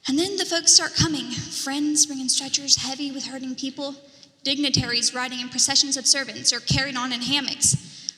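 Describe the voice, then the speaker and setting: Female merchant storyteller, animated and theatrical, bright tone, long church reverb. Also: sits high. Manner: animated, dramatic storytelling with whispered asides. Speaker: merchant character in a church drama. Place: church sanctuary.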